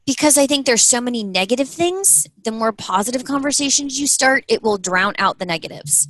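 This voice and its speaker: A woman in her thirties, a business owner being interviewed, telling earnest, animated stories full of quoted dialogue. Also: a little high, a little fast, rough recording. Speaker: guest, apparel business owner. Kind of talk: interview conversation.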